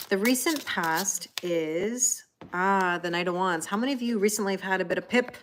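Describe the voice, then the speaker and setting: Woman, 40s, mid-pitched, chatty live tarot reader who laughs easily and talks straight to her viewers. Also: moderate pace, hardly any pauses, background noise. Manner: chatty, greets viewers by name, laughs often. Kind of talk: casual live-stream card reading.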